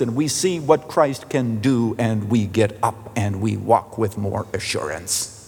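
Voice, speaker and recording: A man preaching a sermon as pastor, telling a story and lifting his voice when he quotes others. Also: husky. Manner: storytelling, quoting voices with rising pitch. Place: church sanctuary. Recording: long reverb of a church hall.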